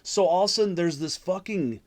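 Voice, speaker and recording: A man's voice: high-pitched, fairly quick. A man hosting a podcast, telling a story in casual chat over a remote call, swearing often and rambling with fillers and restarts. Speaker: podcast host.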